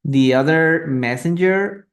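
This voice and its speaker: A man's voice: a little high, takes it slowly. A man teaching English in a live online reading lesson, patiently repeating and translating words and asking students questions. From Peru. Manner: asks students questions and greets viewers. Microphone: phone or computer mic for a live stream.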